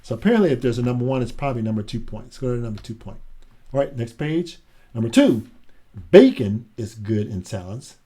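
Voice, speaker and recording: Mellow-voiced man reading a picture book. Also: mid-range voice, sing-song, brisk. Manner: chatty, adds asides and laughs between pages. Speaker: children's book reader. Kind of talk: casual read-aloud of a picture book.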